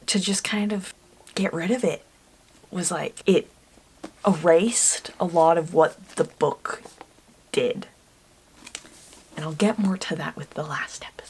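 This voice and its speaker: Husky-voiced woman chatting through a review. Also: lowish voice. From Ireland. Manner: chatty, rambling, gets worked up and rants. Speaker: book and TV reviewer. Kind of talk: casual review monologue.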